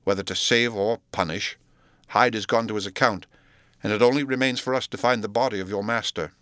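A man voicing a stern middle-aged male lawyer who speaks forcefully in an audiobook. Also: fairly low pitch, fairly even intonation, fairly quick, smooth, no echo, studio quality, natural voice.

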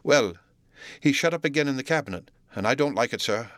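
A man reading an audiobook, voicing a frightened male butler who speaks haltingly and deferentially. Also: mid-range voice, animated, fairly bright tone, dry recording, clean studio sound, pitched above the performer's own voice, natural voice. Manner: halting, deferential, many "sir"s.

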